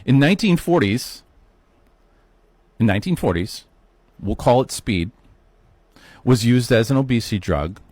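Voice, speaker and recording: A man's voice: medium pitch, darkish tone, dry recording. A man in his fifties giving a casual solo talk, walking viewers through a history with chatty, rhetorical asides. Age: 50s. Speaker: health talk host. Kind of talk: solo educational monologue.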